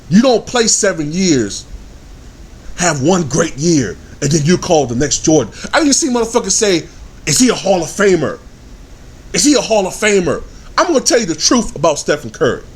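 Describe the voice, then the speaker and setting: Heated, high-voiced man ranting in his thirties. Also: slightly rough. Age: 30s. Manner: angry, swearing, shouting bursts. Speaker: sports vlogger. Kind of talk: heated profane rant.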